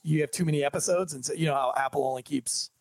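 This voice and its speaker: A man who is a police officer, telling a story on a podcast in a casual, animated and joking way. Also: fairly high pitch, fast talker, vocal fry, dry recording. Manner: animated, jokey storyteller, acts out dialogue.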